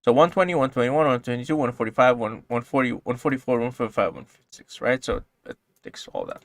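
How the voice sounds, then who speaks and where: A man talks through code in a casual tutorial at a mid-range pitch, his delivery calm one moment and loud and excited the next. He swears freely as he goes. The sound is dry and close, with no room in it. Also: fairly quick, creaky, no echo. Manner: swings from calm explaining to loud excited outbursts, swears often. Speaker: programming tutorial host. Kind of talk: casual screen-recorded coding tutorial.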